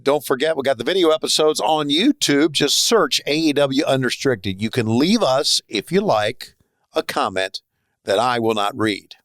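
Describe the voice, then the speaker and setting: A man's voice: mid-range voice, expressive, moderate pace, a bit bright, dry recording. Wry male podcast host. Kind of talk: casual interview chat.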